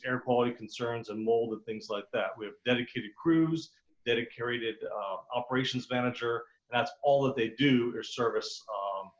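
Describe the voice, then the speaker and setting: A man pitching his restoration company on a video call, in a plain salesy way with some fillers. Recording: dull lo-fi video call audio.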